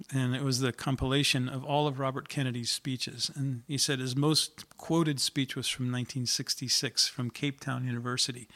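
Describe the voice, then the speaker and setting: A man's voice: mid-range voice, fairly bright tone. A middle-aged man, a singer-songwriter, telling in an earnest, reflective way how he came to write a song. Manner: reflective, earnest storytelling with fillers. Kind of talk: spoken story about writing a song.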